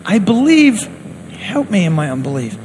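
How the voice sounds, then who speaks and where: A man's voice: big pitch swings, moderate pace, a little mellow, slight background noise, low-quality recording. A man voicing a desperate father who cries out earnestly, his voice lifted well above his own. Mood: pleading. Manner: cries out earnestly, voice raised high. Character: desperate pleading father, middle-aged man.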